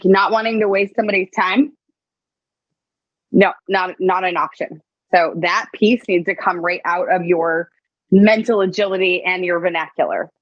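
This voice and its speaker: A blunt woman lays down sales rules with emphatic, profane force. Her mid-pitched voice comes through dry and close, with a slightly dull, muffled tone. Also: dry recording. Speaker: sales coach. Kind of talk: casual coaching chat.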